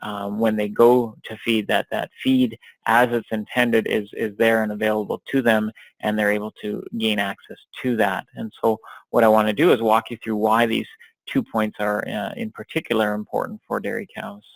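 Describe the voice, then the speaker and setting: A man giving a recorded academic lecture over slides, talking in a measured way with many fillers and restarts. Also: lowish voice, little pitch movement, vocal fry, no echo, poor audio. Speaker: dairy science researcher and lecturer.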